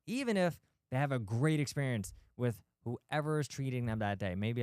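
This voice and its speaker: Man, talk host, blunt, rhetorical questions, smooth resonant voice, dry recording. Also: mid-range voice, lively intonation, normal speed, hardly any pauses, a little mellow, dry recording. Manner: blunt, emphatic, rhetorical questions, mild swearing. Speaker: podcast host, physical therapist. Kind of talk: animated talk to practice owners.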